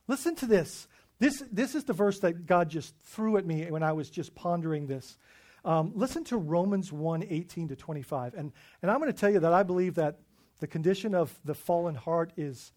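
A man preaching a sermon, animated and emphatic, acting out scripture voices and often repeating words as he goes. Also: high voice. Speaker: pastor.

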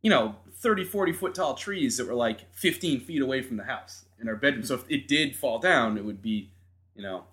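A man's voice: medium pitch, animated, fairly quick, a bit bright. A man co-hosting a podcast, telling a story in casual chat, acting out voices and laughing as he goes. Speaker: podcast co-host.

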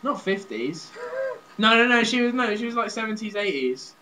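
A young man from southern England co-hosting a radio show, teasing and quick to laugh. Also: high-pitched, sing-song, sharp tone. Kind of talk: casual chat. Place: student radio studio.

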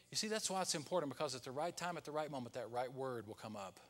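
A pastor preaching a Sunday sermon, rising to loud peaks and dropping to hushed, whispered lines. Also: male voice, medium pitch, expressive, fast talker, few pauses.

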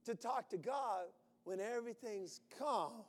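A man preaching a sermon in an animated way, breaking into sudden shouts as he acts out worried voices. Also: high voice, measured pace, long reverb tail.

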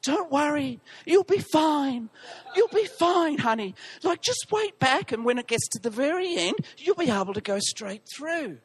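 A man's voice: extremely high pitch, big pitch swings, measured pace, voice pushed up, heavily acted, rough recording. A man voicing his wife as a soothing, confident woman who coaxes and reassures. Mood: coaxing. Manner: soothing, coaxing.

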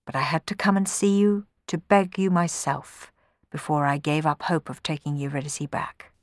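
A woman's voice: deep voice, fairly even intonation, moderate pace, no room sound, studio quality, natural voice. A woman voicing a brave, determined young male musician, earnest and pleading, in a storybook reading.

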